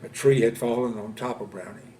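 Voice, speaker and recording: A man in his seventies from Louisiana, recounting his war experiences in an oral history interview, speaking haltingly with many pauses and fillers. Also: mid-range voice, fairly even intonation, mellow, slight background noise. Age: 70s. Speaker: veteran interviewee. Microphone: interview camera setup.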